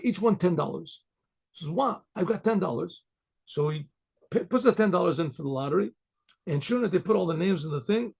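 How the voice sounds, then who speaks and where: An older man tells a story the way a rabbi would to a small audience, wandering off into asides and catching himself mid-word. His voice sits a little high for a man, gravelly and husky. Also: darkish tone. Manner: rambling, restarts and asides, clears throat. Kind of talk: casual spoken storytelling.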